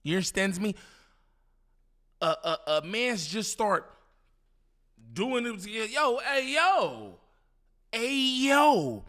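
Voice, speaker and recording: Casual male reaction host, slangy and disbelieving, slightly high pitch. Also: big pitch swings, extremely slow, long pauses, sharp tone. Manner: incredulous, slangy, repeats himself, laughs. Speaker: commentary host reacting to a clip.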